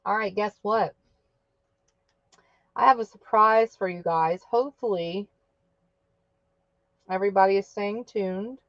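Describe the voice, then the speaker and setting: A woman hosting an online craft market live stream, exuberant and cheering winners with loud whoops. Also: mid-range voice, unhurried, pauses often, no room sound, lo-fi sound.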